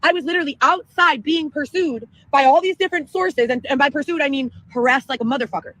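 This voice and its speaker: A woman telling a long profane story in an excitable livestream rant. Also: high-pitched, quick pace, no echo, rough recording. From Chicago area, Illinois. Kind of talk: ranting livestream monologue.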